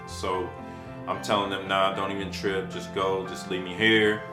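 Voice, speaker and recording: A man telling his own story in casual, slangy talk, unhurried and reflective, with frequent swearing. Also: low-pitched, level tone. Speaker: storyteller recounting his past. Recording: echoey room with faint guitar music. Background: faint guitar music.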